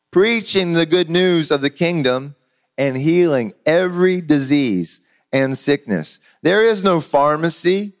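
A man's voice: fairly high pitch, a little slow. A man preaching a sermon in a conversational, storytelling way, often repeating words as he goes. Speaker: pastor.

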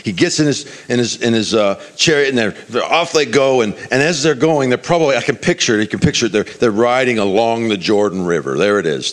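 A man preaching a sermon, retelling a scripture story with many restarts and acting out the characters' lines. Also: medium pitch.

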